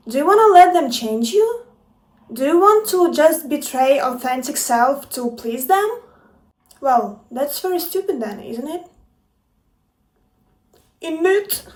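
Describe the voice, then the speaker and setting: A woman's voice: sits high, darkish tone. A woman and life coach talking to her viewers in a casual motivational vlog, playful and emphatic, swearing freely. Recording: echoey room, distant from mic.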